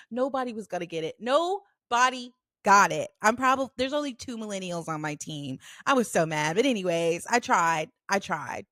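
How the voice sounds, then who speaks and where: Animated, blunt woman podcast host. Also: mid-range voice, no echo, studio quality. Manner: animated, blunt storytelling with swearing. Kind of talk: casual solo podcast chat.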